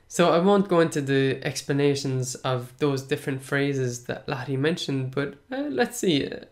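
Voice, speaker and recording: A man's voice: mid-range voice, animated, normal speed. A man from Munster with an Irish accent, hosting a casual podcast lesson and answering listener questions in a chatty, encouraging way that repeats points for emphasis. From Munster, Ireland. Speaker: podcast host and Irish teacher.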